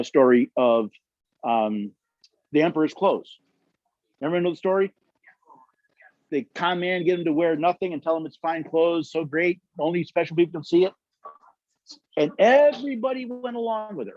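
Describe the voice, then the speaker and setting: This man's voice sits high, and the recording is dry and muffled. He leads a constitution study session, telling stories emphatically, acting out the quotes, and taking audience questions.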